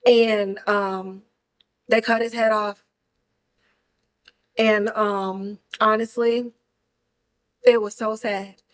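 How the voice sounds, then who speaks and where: A woman hosting a podcast, recapping a film in animated, slangy, casual chat. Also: medium pitch, extremely slow, long pauses, rough recording. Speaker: podcast host reviewing a film.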